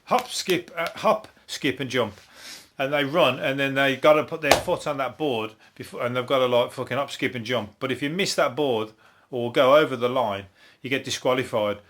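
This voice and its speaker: A man's voice: mid-range voice, moderate pace, a bit bright, slight background noise. A man with a Birmingham accent hosting a comedy podcast, rambling through news stories, swearing freely and laughing at his own jokes. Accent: Birmingham (Brummie). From Birmingham, England. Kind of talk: solo comedic news review.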